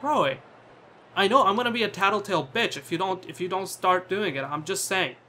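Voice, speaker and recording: A man narrates his own cricket video game in a loose, joking way, swearing freely and scolding his batsman. His voice sits a bit high and sounds bright and forward. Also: lively intonation, fairly quick, a little hiss or hum. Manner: bantering, swears often, talks to his in-game player. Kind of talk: casual gameplay commentary.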